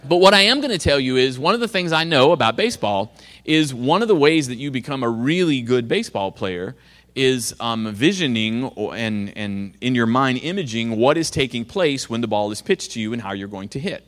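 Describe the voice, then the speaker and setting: A man's voice: mid-range voice, expressive, brisk, fairly bright tone, big-room sound. A middle-aged man, a youth pastor, preaching earnestly and directly to students in a school chapel, with sarcastic asides. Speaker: youth pastor and guest speaker. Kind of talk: sermon to students.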